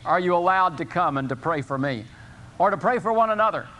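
An older man preaching a sermon as pastor, earnest, slowing and rising in pitch to stress scripture. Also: animated, pushed and bright. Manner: earnest preaching, rising for emphasis, slow drawn-out scripture quotes.

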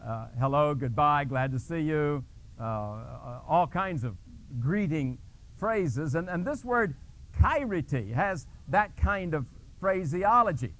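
Male pastor, sermon delivery, slightly high voice, animated storytelling. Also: takes it slowly. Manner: dramatic storytelling with sudden pitch jumps; restarts and fillers when explaining.

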